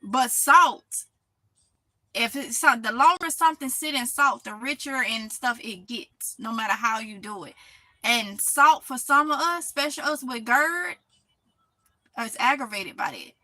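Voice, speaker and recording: Hosting a live stream from a greenhouse, a woman with a Mississippi Southern accent reads the live chat, chatting casually, answering comments, and laughing often. Her voice is on the high side, bright and forceful, at a measured pace, in a rough recording with no echo.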